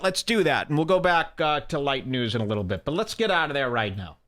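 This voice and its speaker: A man's voice: on the high side, expressive, fairly quick, a bit bright. A man hosting an internet radio show with rambling commentary, mocking and scolding as he goes, while nursing a headache. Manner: mocking, scolding rants, irreverent. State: has a headache.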